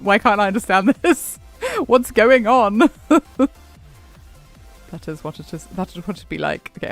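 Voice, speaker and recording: Here a gamer streams live, talking loosely and laughing often as he replies to viewers. He has a high, fairly bright voice with vocal fry, and soft music runs in the background.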